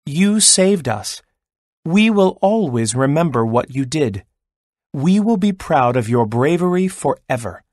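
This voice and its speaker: A man voicing a gentle, kind owl. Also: fairly high pitch, sing-song, unhurried, dry recording, studio quality. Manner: gentle, reassuring. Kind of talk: children's storybook read-aloud.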